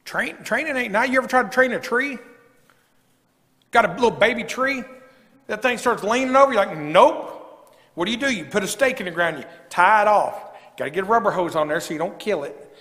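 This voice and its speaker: A man's voice: sits high, brisk, pushed and bright. A man preaching a sermon as a pastor, folksy and rising to emphatic preaching. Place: church sanctuary. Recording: long church reverb.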